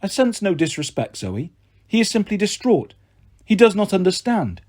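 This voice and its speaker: Stern, imperious young huntress goddess, read by a man, husky and lively. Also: sits high, normal speed, voice pushed up.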